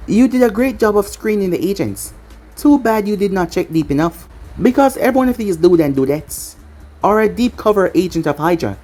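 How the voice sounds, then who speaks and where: A woman's voice: medium pitch, lively intonation, a little fast, mellow, faint music behind, lightly acted. A woman reading the lines of a confident, overpowered young male ninja in a storybook reading, in a casual, matter-of-fact way.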